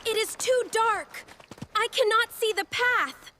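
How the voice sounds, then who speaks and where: A woman's voice: very high-pitched, slow pace, noisy background. A woman voicing a frightened little fox cub. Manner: gasping, whimpering exclamations. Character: timid little male fox cub, scared of the dark. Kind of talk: slow storybook reading.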